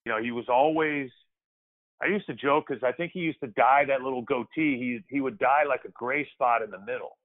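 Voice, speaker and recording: A man's voice: medium pitch, fairly quick. A man reminiscing as an interview guest, in a loose conversational way with frequent restarts. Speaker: guest, former pro basketball player. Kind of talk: casual storytelling interview. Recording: tinny phone-like line.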